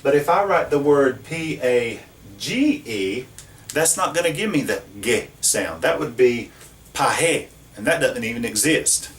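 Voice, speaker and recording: A man's voice: medium pitch, animated. Patient man teaching in an echoey room. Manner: slow, patient, checks in with "okay?" and "right?". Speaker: Spanish teacher. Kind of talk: classroom grammar lesson. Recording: roomy echo, mic at a distance.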